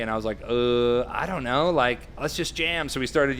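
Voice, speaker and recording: A man's voice: mid-range voice, fairly quick. Guy in his 30s telling band stories on a podcast, acts out quotes, bit of hiss. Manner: animated, quotes people in acted voices. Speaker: guest musician. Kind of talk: casual storytelling interview.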